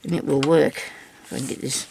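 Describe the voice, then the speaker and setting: This crafter filming a tutorial has a low, steady, slightly mellow voice with vocal fry, and she talks briskly. She chats casually to herself and her viewers while working, teasing herself with small laughs, and there's slight background noise.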